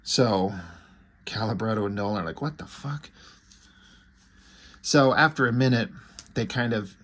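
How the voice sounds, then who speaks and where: A man's voice: on the low side, moderate pace, fairly bright tone. A man giving a casual, rambling recap and commentary as a comic book reviewer, offhand with frequent fillers and restarts.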